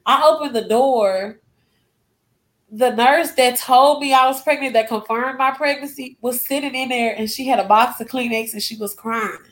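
Guest, young woman, fairly high voice, emotional first-person storyteller who acts out the dialogue. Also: moderate pace. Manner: emotional retelling with acted-out quotes.

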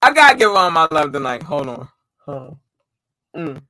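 Excited, effusive man with a high, bright voice. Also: moderate pace, no room sound, poor audio. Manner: excited, effusive, stumbles over place names. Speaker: host shouting out listeners. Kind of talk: casual chat.

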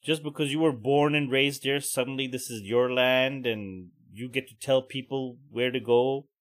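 A man's voice: mid-range voice, steady tone, normal speed. A man hosting a rambling solo podcast, casual, sarcastic and full of swearing. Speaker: podcast host. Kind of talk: rambling monologue.

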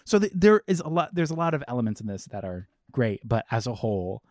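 A young man co-hosting a casual podcast, talking in an animated, swearing rush and acting out lines from a film. His voice sits at a middling pitch. The sound is dry and close. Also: quick pace, no room sound. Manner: animated, swearing, acts out quotes. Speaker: podcast co-host. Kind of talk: casual chat.

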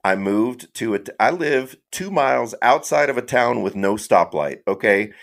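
Male guest from kansas city, animated storyteller, mid-pitched voice. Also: normal speed, gravelly. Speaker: podcast guest. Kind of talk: casual sports podcast chat.

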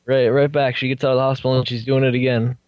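A man's voice: medium pitch, fast talker, no room sound, lo-fi sound. A young man, a podcast guest, telling his own story and acting out what people said. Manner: animated storyteller acting out quotes. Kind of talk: recounting a personal story.

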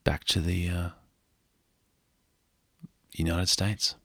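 Middle-aged aussie guy telling a rambly story, husky voice, dry close sound, goofy and self-mocking. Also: deep voice, fairly even intonation, drawn-out words, a bit bright, no echo. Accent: Australian. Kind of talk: casual storytelling monologue.

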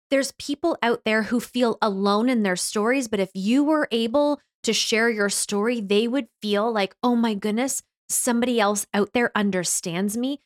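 A middle-aged woman giving an earnest, heartfelt motivational talk about using one's voice, building emphatic lists. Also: fairly high pitch. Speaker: course creator and speaker. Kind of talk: motivational monologue.

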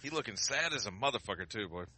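A man's voice: fairly low pitch, expressive, fast, sharp tone, husky, no echo. A man co-hosting a podcast who chimes in with blunt, profane remarks. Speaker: podcast co-host. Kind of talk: casual podcast chat.

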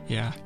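A man co-hosts a podcast, telling a story in casual chat. His storytelling is animated, and he acts out the quotes as he goes.

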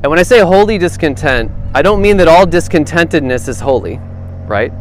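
A man's voice: fairly high pitch, expressive, a little fast, slight background noise. A man leading a small-group Bible study, thinking aloud and asking the group questions in a casual, conversational way.

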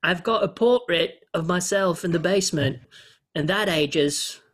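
Guy doing a smug british celeb voice, pitched way up, husky, bragging. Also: a little slow, a bit bright. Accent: British, put on. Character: vain ageless British celebrity, boastful. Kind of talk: comedy podcast impression.

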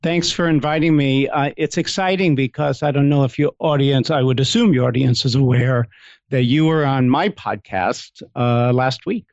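A middle-aged man and couples therapist, a guest speaking in a relaxed, reflective way as he tells his own story and chuckles now and then. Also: medium pitch, normal speed, dry recording, dull audio. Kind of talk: casual interview chat.

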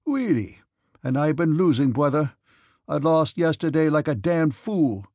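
A man voicing a gruff, hot-tempered young hussar officer who shouts and cannot pronounce his R's, in a storybook reading. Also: fairly high pitch, big pitch swings, a little slow, no room sound, studio quality, full character voice. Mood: rueful blustering.

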